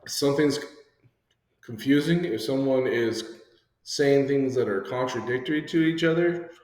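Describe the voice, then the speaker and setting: A man's voice: medium pitch, normal speed, a little mellow. Guy teaching a class, acts out little back-and-forths, echoey room with long reverb. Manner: acts out short dialogues in shifting voices. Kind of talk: classroom lesson.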